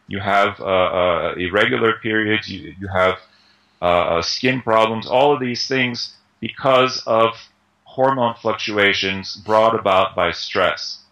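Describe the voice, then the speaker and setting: A man talks through diet advice in a relaxed interview, with a bright, forward tone at a mid pitch. He explains things conversationally, leaning on homely comparisons and dropping in plenty of ums and you-knows. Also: creaky, poor audio. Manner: conversational, uses everyday analogies, many fillers. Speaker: Ayurveda instructor, interview guest.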